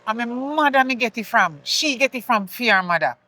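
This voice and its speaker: A woman's voice: on the high side, expressive, moderate pace, sharp tone, no echo, poor audio. A remorseful Jamaican mother. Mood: remorseful pleading. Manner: pleading, apologetic, speaks in patois. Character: remorseful mother apologizing to her grown daughter. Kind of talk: film acting.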